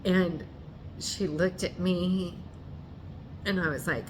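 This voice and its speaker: A woman telling a painful personal story in an earnest, halting way, often restarting and correcting herself. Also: on the low side, steady tone, slight background noise.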